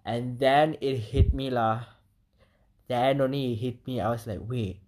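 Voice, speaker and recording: A woman, casually reviewing an album, animated and swearing, breaking into short sung lyrics. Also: a bass voice, unhurried, pauses often. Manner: animated, swearing, sings lyric snippets, laughs often. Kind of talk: casual vlog chat.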